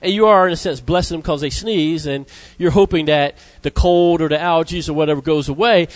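A man preaching a sermon, emphatic, repeating key words and reading scripture slowly. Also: no room sound, rough recording. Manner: emphatic, repeats words, rises in pitch for stress; reads scripture slowly in old-fashioned wording.

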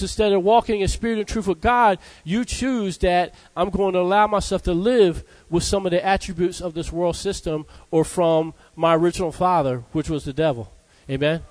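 Fervent high-voiced male preacher. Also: no echo, low-quality recording. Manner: fervent call-and-response preaching, frequent "Amen?" and "Hallelujah". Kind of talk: sermon.

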